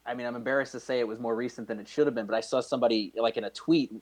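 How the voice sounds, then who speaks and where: A man hosting a casual chat, asking lots of questions and breaking into quick laughs. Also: mid-range voice, steady tone, darkish tone.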